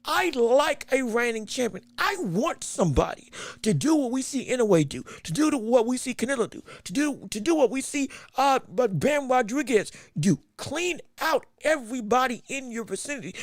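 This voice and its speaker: A man hosting a live boxing podcast, talking casually and getting excitable, repeating words when he gets flustered. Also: extremely high pitch, no room sound, clean studio sound. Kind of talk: casual live-stream commentary.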